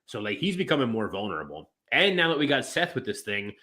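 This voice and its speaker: A man's voice: medium pitch, sing-song, fast talker, bright, forceful tone. A man co-hosting a wrestling podcast, talking casually in long rambling turns full of fillers and restarts. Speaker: podcast co-host.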